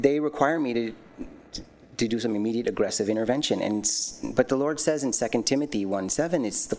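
A man shares a personal testimony from the pulpit in an earnest, animated way, often restarting his sentences and laughing at himself. His voice sits in an ordinary middle pitch. A faint hiss of noise runs under the recording. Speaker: lay speaker giving a testimony.

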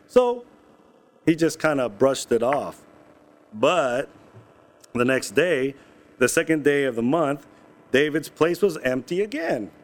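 Male pastor, sermon, scripture reading, conversational, jokey asides, fairly high voice. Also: sing-song, slow, long pauses. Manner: casual and conversational, with asides and jokes.

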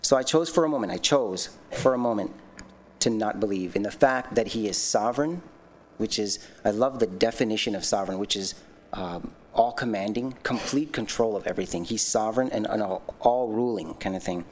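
A man giving a personal testimony in a sermon, earnest and animated, telling his story with many restarts and self-conscious laughs. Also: fairly low pitch, brisk, slight background noise. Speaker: lay speaker giving a testimony.

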